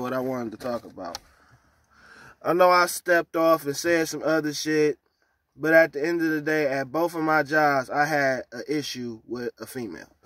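Man in a vlog, ranting and cursing, higher bright edgy voice, dry sound. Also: no room sound. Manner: profane, heated ranting, swings between loud outbursts and low mutters. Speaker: vlogger.

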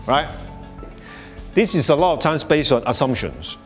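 A man's voice: fairly high pitch, sing-song, moderate pace, pauses often, faint music behind. A man presenting at a live workshop to an audience, speaking conversationally with many restarts and "you know"s, and chuckling often as he explains. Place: workshop space before an audience.

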